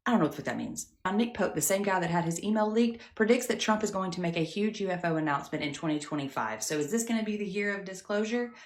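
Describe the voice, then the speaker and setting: A woman narrating news-style commentary in a brisk, incredulous manner. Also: medium pitch, expressive.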